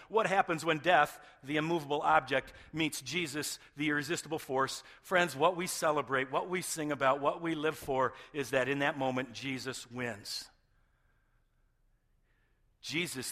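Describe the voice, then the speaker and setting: Man, pastor, sermon, conversational, bright forceful tone, echoing hall. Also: fairly high pitch. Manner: conversational, checks in with "okay?" and "right?".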